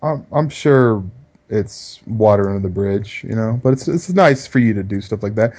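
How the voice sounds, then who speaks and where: A man's voice: on the low side, expressive, normal speed, darkish tone. Laid-back rambling podcast man. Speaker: podcast co-host. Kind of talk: casual profane chat.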